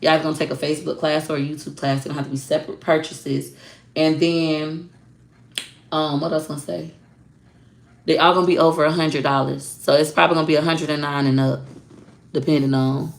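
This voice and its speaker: A woman's voice: low voice, little pitch movement, a little fast, vocal fry. A woman who teaches online social media classes, speaking bluntly and animatedly in a casual livestream talk. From Florida.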